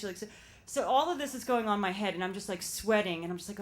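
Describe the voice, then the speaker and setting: A woman's voice: medium pitch, background noise. Chatty Philadelphia woman telling a story. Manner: chatty, fast when nervous, lots of fillers. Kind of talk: live personal storytelling. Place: live storytelling stage.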